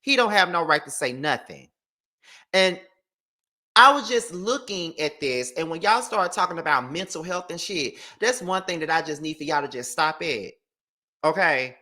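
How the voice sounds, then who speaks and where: A woman's voice: low voice, animated, normal speed, pushed and bright. A woman giving blunt, profane gossip commentary and reading text messages aloud. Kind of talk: opinionated commentary.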